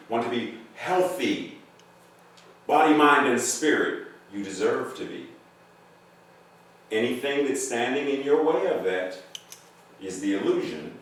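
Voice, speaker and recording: A man delivers a sermon in a church sanctuary, pressing his points with sudden loud emphasis and then quiet, drawn-out endings. He is picked up from a distance, so a heavy, lingering echo and faint background noise surround his mid-pitched voice. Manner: emphatic, swings between loud declarations and hushed lines. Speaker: guest minister. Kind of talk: sermon with storytelling. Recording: very echoey hall, voice from afar, faint noise.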